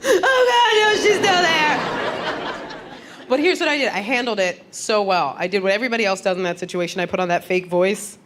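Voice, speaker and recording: A woman comedian telling brash, animated, streetwise stories in a stand-up set on a club stage. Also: medium pitch, quick pace, few pauses, a crowd in the background, background noise. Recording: live club with loud audience.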